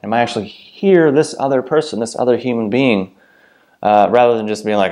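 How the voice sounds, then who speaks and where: A man's voice: medium pitch, a little fast, darkish tone. A man talking to camera in a meandering, blunt, profane solo monologue with many fillers. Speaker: video host.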